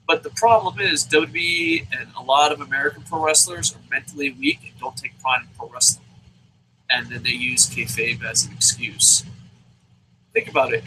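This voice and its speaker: A man tears into wrestling in a loose, profane rant, slipping into mocking impressions as he goes. His voice is very bright and sits a bit high. A faint noise runs under the recording. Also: poor audio. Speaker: wrestling show reviewer. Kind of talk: casual opinionated rant.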